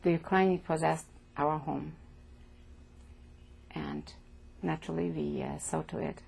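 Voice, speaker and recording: Gravelly older woman giving halting testimony. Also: low voice, fairly even intonation, a little mellow. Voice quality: gravelly, husky. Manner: halting, restarts and repeats words. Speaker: interviewee, survivor giving testimony. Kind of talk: oral history testimony.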